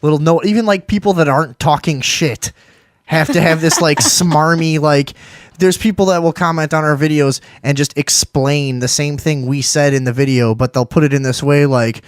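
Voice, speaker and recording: A man's voice: a little high, normal speed. A man hosting a casual live talk show, swearing often and ranting. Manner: profane, ranting. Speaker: podcast host.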